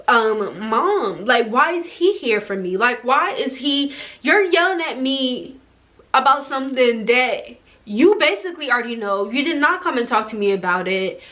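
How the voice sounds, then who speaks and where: A young woman with a slightly high voice tells a personal story straight to her camera. She talks casually, leans on "like" a lot, and lets raw feeling come through. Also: sharp tone. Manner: casual, heavy use of "like", emotional and tearful in places. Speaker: vlogger. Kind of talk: story time vlog.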